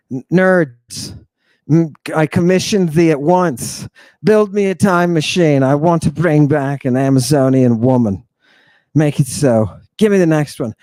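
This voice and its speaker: A man hosting an irreverent lecture on ancient texts, theatrical and mocking, swinging between loud outbursts and hushed asides. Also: on the high side, dry recording.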